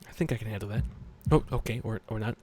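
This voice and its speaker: A man's voice: fairly low pitch, quick pace, warm tone, breathy edge. A young man hosting a gaming video, reading a visual novel aloud with rambling, profane, joking asides. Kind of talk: let's play commentary reading a visual novel.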